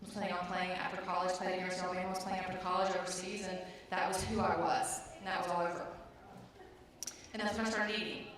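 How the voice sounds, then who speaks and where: A woman's voice: on the low side, level tone, fast, a bit bright, slight background noise. A woman in her thirties telling a personal story, acting out her own lines with rising intensity. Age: 30s. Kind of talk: personal story told to an audience. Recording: very echoey room, distant mic.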